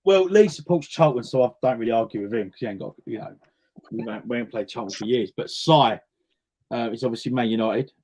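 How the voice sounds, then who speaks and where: Speaking fast in a mid-range, darkish voice, this man is a guest singer being interviewed. He's a chatty storyteller, voicing the characters in his stories as he goes.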